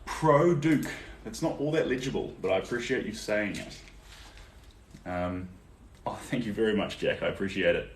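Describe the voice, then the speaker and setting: A young New Zealand man with a fairly low voice talks in a relaxed, chatty way, with plenty of ums as he works. He answers viewers during a live painting stream in his studio. The sound is roomy and a little distant, with faint noise underneath. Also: moderate pace. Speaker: artist livestreaming a painting session. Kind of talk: casual live-stream chat while painting. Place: indoor art studio.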